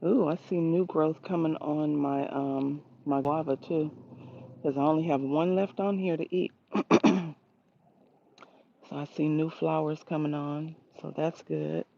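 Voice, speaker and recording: A woman's voice: low-pitched, steady tone, unhurried, vocal fry. A woman hosting a casual livestream walkthrough of her backyard garden, chatting with viewers and greeting them by name, recorded outdoors on a handheld phone. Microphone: phone held while walking. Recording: slightly dull phone audio.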